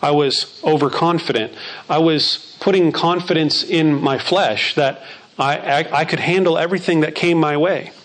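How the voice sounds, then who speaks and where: A man's voice: fairly high pitch, normal speed, fairly bright tone. A man preaching a sermon who reads scripture verses aloud and repeats phrases for emphasis.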